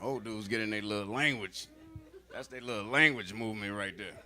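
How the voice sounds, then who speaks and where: A man's voice: on the low side, fairly quick, sharp tone. A man doing a stand-up comedy set, telling stories in a loose, profane, conversational way.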